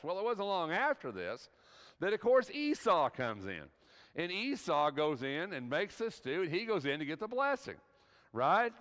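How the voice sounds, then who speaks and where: This evening Bible class teacher has a slightly high, fairly bright voice that is clear and resonant. Speaking casually in a church hall thick with long reverb, he repeatedly asks his listeners "right?"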